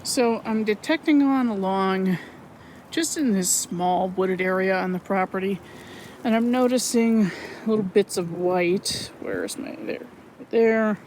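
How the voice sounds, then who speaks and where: A woman narrating her metal detecting finds outdoors on a wooded property in a chatty, excitable way, often correcting herself. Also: medium pitch, a little slow, a little hiss or hum, poor audio. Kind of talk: casual outdoor vlog narration.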